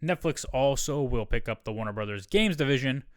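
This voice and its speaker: A man's voice: mid-range voice, lively intonation, a little fast, dry recording. A man hosting a solo podcast, reading news quotes aloud with wry asides into a close mic. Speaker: podcast host.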